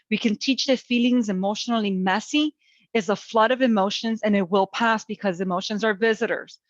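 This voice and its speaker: A middle-aged woman teaching a parenting webinar, gentle and coaching in tone, talking through calm self-talk. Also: medium pitch, no room sound, muffled recording. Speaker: parent educator.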